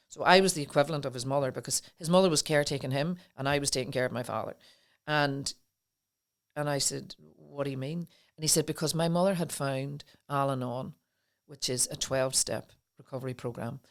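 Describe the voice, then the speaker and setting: A woman's voice: rumbling low, brisk. Woman, middle-aged, podcast guest, earnest, emotional storytelling. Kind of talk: personal storytelling in a podcast interview.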